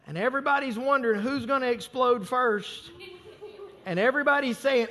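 High-voiced male preacher in a reverberant hall. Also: moderate pace, fairly bright tone. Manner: conversational, self-mocking preaching with acted asides. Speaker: pastor. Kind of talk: sermon.

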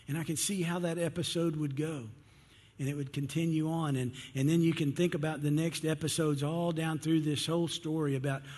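A male pastor delivers a sermon to a church congregation, telling a story and playing its characters himself. His voice sits a little high and slightly husky. It rings out in a reverberant church hall. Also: darkish tone.

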